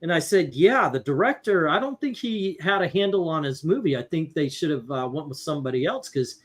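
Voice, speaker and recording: A man's voice: on the high side, lively intonation, a little fast. Rambling, profane middle-aged male storyteller. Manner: rambling anecdotes with many restarts, swearing, laughing. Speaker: livestream host. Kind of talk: casual chat, storytelling.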